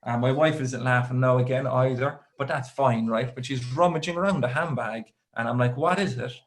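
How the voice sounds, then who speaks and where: A young Irish man doing stand-up comedy, his voice of middle pitch. He tells a long personal story in a rambling, self-deprecating way and drops deadpan asides between the details. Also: fairly quick. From Ireland. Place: live comedy show with audience.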